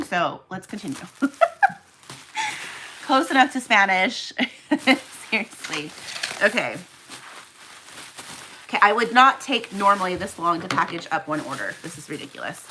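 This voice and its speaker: Female livestream host, lowish voice, bright and forceful; chatty, rambling reseller packing orders and addressing viewers. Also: lively intonation, brisk, slight background noise, poor audio. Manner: chatty and rambling, goes off on tangents, talks to viewers by name. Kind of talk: casual livestream chat while packing orders.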